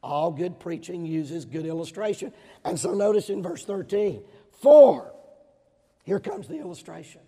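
A middle-aged man from Georgia with a Southern accent, preaching a sermon emphatically, swinging between loud stressed words and quieter asides. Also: fairly high pitch, normal speed. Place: large hall with audience. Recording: hall reverb.

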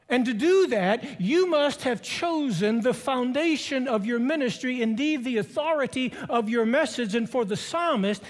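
A middle-aged man preaches in a very high voice, leaning hard on repeated phrases. His words ring out with a long reverb, as if from a large chapel. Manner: slow, emphatic repetition of key phrases. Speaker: preaching professor. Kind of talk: sermon.

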